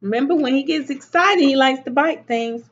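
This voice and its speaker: A woman, a teacher, reading a picture book aloud to children at home on a webcam, pausing to ask them questions. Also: high voice. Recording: slightly dull webcam audio.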